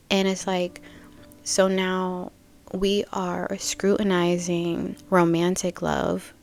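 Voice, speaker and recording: A woman's voice: on the low side, gravelly, a little mellow. A young adult woman hosting a reflective spiritual podcast, musing casually and thinking aloud with many fillers. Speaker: podcast host.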